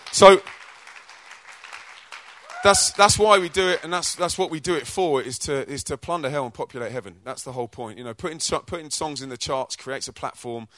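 A man from England, telling energetic, chatty stories about his charity work to a church audience, with slang and quick restarts. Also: a little high, dry recording, a faint crowd. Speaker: Christian rapper and charity co-director. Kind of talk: informal testimony talk to a church audience.

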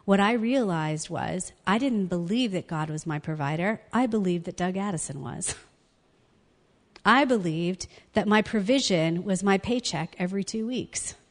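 A woman's voice: on the low side, in a large hall. A woman giving a personal testimony sermon as a guest speaker, telling her story in an earnest, conversational way.

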